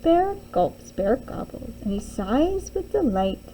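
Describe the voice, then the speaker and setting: A woman's voice: a little high, big pitch swings, slow, dark tone, a little hiss or hum, poor audio. A young adult woman teacher reading a children's picture book aloud, with sing-song storytelling and little character voices.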